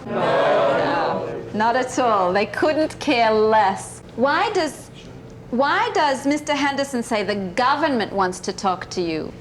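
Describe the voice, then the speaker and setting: A woman teacher with a fairly high voice and a very animated pitch leads a classroom discussion. She asks questions and encourages answers, with a faint hiss in the background. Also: takes it slowly. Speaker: English teacher.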